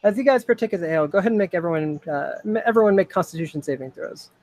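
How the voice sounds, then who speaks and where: Male game master, tabletop game narration, high voice, dry close mic, chuckling, full of fillers. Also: animated, rapid-fire, darkish tone, dry recording.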